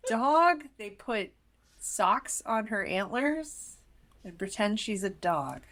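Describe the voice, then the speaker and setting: A young woman co-hosting a casual podcast, walking through a movie's plot with dry sarcasm and exasperation. Her voice sits at an ordinary middle pitch. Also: expressive, slow pace, fairly bright tone. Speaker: podcast co-host.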